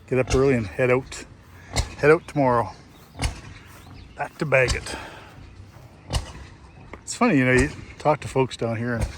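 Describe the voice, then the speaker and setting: A man with an Iron Range Minnesota accent, narrating a casual travel vlog in an easygoing, rambling way with frequent chuckles. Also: medium pitch. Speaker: vlogger. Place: outdoors at an engine show, then in a vehicle. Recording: noisy outdoor recording with vehicle sounds.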